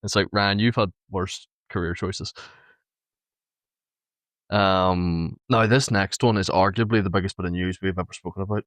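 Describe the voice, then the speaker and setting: A man's voice: low voice, fairly even intonation, moderate pace, fairly bright tone, no echo. A man, co-hosting a podcast, sharing film news in a wry, teasing way. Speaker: podcast co-host. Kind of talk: casual chat about film news.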